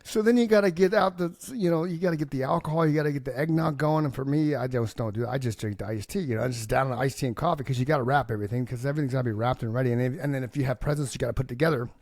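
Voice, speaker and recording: A man's voice: medium pitch, racing, few pauses, a little mellow, dry recording, clean studio sound. A man co-hosting a podcast, telling long rambling comic stories full of swearing and acted-out voices. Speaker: podcast co-host. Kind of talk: casual chat.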